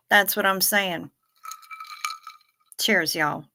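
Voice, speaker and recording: Tired and yawning, this livestream host, a middle-aged woman, reads viewer comments and chats casually late at night. She speaks in an unhurried, mid-range voice with a sharp edge.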